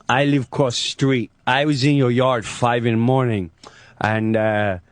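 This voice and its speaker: A man voicing a creepy, deadpan middle-aged male neighbor who drawls like a movie mobster. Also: medium pitch, moderate pace, clear, resonant tone, no room sound, pitched below the performer's own voice, close to an everyday voice.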